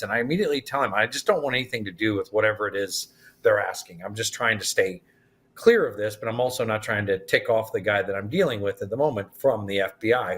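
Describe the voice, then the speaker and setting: A man's voice: on the low side, a bit bright. A man, a guest in an interview, retelling events animatedly and acting out the dialogue. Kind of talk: storytelling in an interview.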